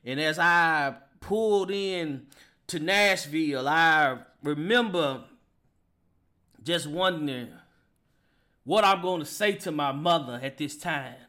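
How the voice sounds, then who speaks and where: A man in his forties telling a personal testimony as a podcast host, emotional and halting, often repeating words as he speaks. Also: fairly high pitch, bright, forceful tone. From Kentucky. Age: 40s.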